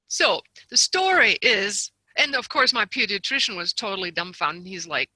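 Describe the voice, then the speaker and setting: A woman guest telling a personal story with lots of animation, slipping into quoted voices and laughing as she goes. Her tone is piercingly bright, and the recording is completely dry, with no room sound at all. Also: medium pitch, expressive, normal speed, dry recording, rough recording. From lives near Seattle. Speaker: guest author and seminar leader. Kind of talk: storytelling in a conversation.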